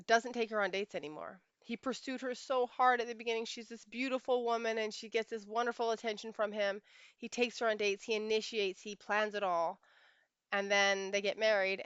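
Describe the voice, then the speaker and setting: A woman's voice: medium pitch, a bit bright, clear, resonant tone, no echo, lo-fi sound. A woman life coach telling a story in a monologue, emphatic and repeating phrases for weight.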